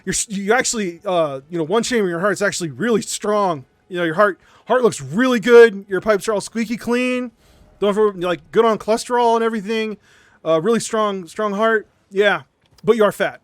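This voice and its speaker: A man quoting a blunt male cardiologist, speaking fast and offhand. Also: high-pitched, no room sound, close to an everyday voice.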